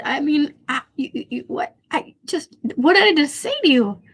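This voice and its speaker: A woman livestreaming an emotional rant. Her voice is tearful, shaky and a bit hoarse, and she stammers, repeats herself and swears bluntly. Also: high-pitched, expressive, fairly quick, hardly any pauses, a bit bright. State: hoarse from losing voice. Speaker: livestream host.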